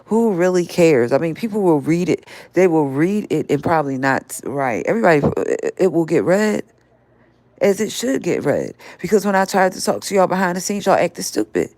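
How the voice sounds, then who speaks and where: A woman's voice: on the low side, very animated, normal speed, darkish tone, dry recording. An older woman hosting a live stream, scolding and confronting someone directly in a heated rant.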